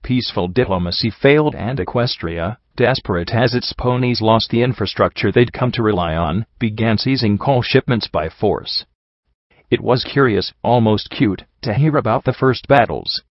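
A man giving measured, somber first-person audiobook narration. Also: lowish voice, expressive, dry recording, lo-fi sound.

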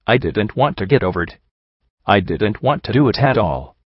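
A man's voice: fairly low pitch, lively intonation, normal speed, breathy edge, dry recording, muffled recording. A man reading a first-person story aloud in a brooding, introspective manner. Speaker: audiobook narrator.

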